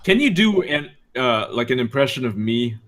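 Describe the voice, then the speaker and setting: A man's voice: medium pitch, big pitch swings, moderate pace, a bit bright. A man in casual chat, ranting and swearing heavily. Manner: profane, ranting.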